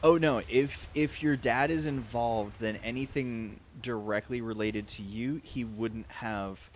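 A man running a tabletop game as game master, hoarse and hesitant, often pausing with um. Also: mid-range voice, fairly even intonation. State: hoarse, losing voice. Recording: noisy line with clicks.

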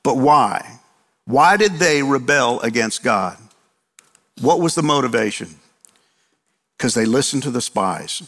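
Male pastor, middle-aged, lively sermon delivery with rhetorical questions; large reverberant hall. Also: medium pitch, a little slow, long pauses. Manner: animated, rhetorical questions, acts out quotes.

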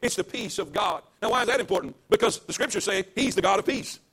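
A man's voice: high-pitched, fast talker, creaky, fairly bright tone, husky. A man, a pastor preaching a livestreamed sermon to an empty church, emphatic and repetitive, with call-and-response.

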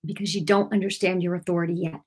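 A woman minister telling a story in a broadcast sermon, speaking in an animated, emphatic way and laughing often. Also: on the low side, fast talker, breathy edge.

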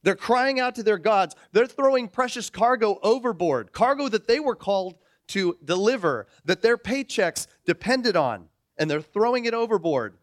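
High-voiced preacher acting out stories. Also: male voice, moderate pace, hardly any pauses, no echo, clean studio sound. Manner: animated storytelling, acts out characters. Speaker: pastor. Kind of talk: sermon.

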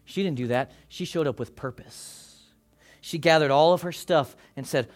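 High-pitched guy preaching at church, fired up then dropping to a near whisper. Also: moderate pace. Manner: impassioned, swinging from loud calls to hushed near-whispers. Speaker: pastor. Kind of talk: sermon. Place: church service before a congregation.

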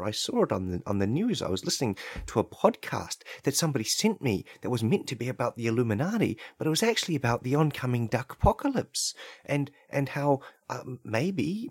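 A man's voice: mid-range voice, slightly rough, no room sound. A man hosting a podcast, delivering a rambling comedic monologue in a mock-conspiratorial tone on a close microphone. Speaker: podcast host.

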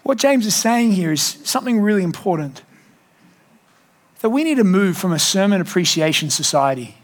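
A high-pitched man preaches in a church hall. He builds to emphatic, animated bursts, then drops into quick jokey asides. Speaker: pastor. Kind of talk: sermon.

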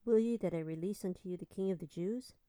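A woman reading the lines of a stern Roman governor in a measured, questioning way. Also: fairly low pitch, dark tone, no echo, close to an everyday voice.

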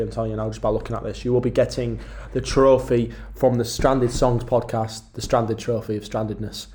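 A man's voice: mid-range voice, a little mellow. A young man hosting a podcast interview, chatting casually with rambling, joking banter. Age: young adult. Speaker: podcast host.

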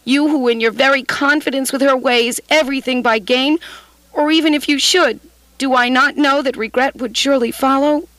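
An actress playing a sorrowful young woman who gently lets her fiancé go in a radio drama. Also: sits high, fairly even intonation, normal speed, no room sound, poor audio. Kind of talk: 1980s radio drama acting.

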